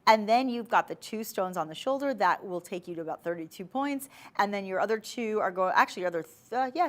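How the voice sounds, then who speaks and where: Woman, shopping channel host, chatty, persuasive, enthusiastic sales pitch.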